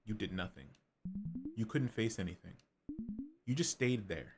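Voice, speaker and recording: A cruel inner voice of depression sneers at a frightened child, as a man voices it. The voice is pitched low and kept cold and quiet. Game music plays behind it. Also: lively intonation, normal speed. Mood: contemptuous.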